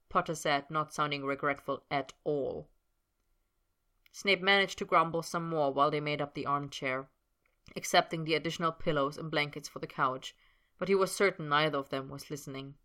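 Low-voiced woman narrating a story. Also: fairly even intonation, moderate pace, bright, forceful tone. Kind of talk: audiobook narration of fiction.

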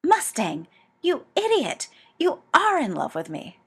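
A woman's voice: very animated, a little slow. A woman voicing a furious hot-headed young man. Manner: shouting, high and loud.

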